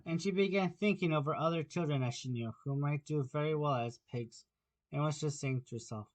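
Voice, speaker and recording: Man reading a storybook aloud, higher voice. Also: brisk, poor audio. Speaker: audiobook narrator. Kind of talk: amateur audiobook reading.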